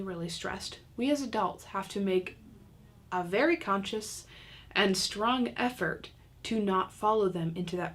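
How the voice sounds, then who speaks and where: Gravelly-voiced woman teaching parents. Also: mid-range voice. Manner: casual, chatty, self-mocking humor. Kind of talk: recorded online lesson.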